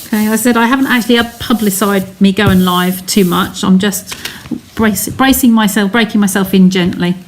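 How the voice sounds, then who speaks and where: A woman's voice: medium pitch, fairly even intonation, normal speed, few pauses, a little hiss or hum. Chatty English woman demonstrating crafts. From England. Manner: chatty, narrates each step while reading live comments. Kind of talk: live card-making demonstration.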